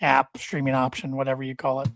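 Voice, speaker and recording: A man co-hosting a casual wrestling podcast, talking in a halting way and often repeating his words. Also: mid-range voice, completely flat delivery, vocal fry, fairly bright tone, slight background noise. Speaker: podcast co-host.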